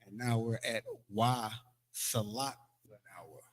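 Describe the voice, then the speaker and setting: A man runs a language class in an unhurried, drawn-out delivery. His voice sits low, and his explanations come casually, with fillers and repeated words as he points things out on a board. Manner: slow, drawn-out, loose and conversational with fillers. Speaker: Hebrew language teacher. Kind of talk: teaching from a board, casual lecture. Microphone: streaming setup.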